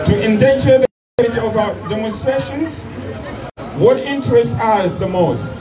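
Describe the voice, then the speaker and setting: A man's voice: very high voice, unhurried, over music, a crowd in the background. A man from Comoros delivering a political speech at an outdoor protest, denouncing injustice and often restarting his phrases. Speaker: protest speaker. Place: outdoor city square at a street protest. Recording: distant mic, loud outdoor street noise with traffic.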